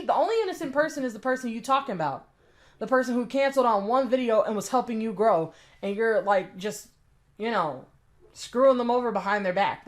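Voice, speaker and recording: Woman ranter, pointed and indignant, slightly high voice, close mic. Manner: blunt, indignant, repetitive emphasis. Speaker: commentary YouTuber. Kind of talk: ranting commentary.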